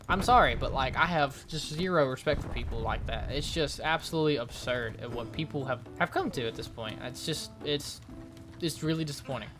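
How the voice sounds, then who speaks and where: A young man telling a storytime vlog about his retail job, animated, exasperated and incredulous. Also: fairly high pitch. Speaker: store associate telling a work story. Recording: clear music behind the voice.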